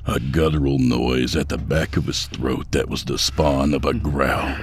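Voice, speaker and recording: Man, audiobook narration, measured, grave, slow delivery. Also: a bass voice, fairly even intonation, a little hiss or hum. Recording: gunfire sound effects behind.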